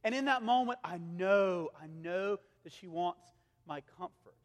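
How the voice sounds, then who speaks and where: A man in his thirties, a pastor preaching a sermon, who swings between raised, urgent passages and hushed, gentle ones. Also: high voice, measured pace. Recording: long reverb of a large hall.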